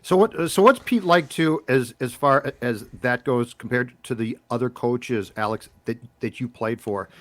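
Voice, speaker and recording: A man's voice: medium pitch, unhurried, hardly any pauses, no echo. A man hosting a sports podcast, asking long, rambling questions full of restarts. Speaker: podcast host. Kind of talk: casual podcast interviewing.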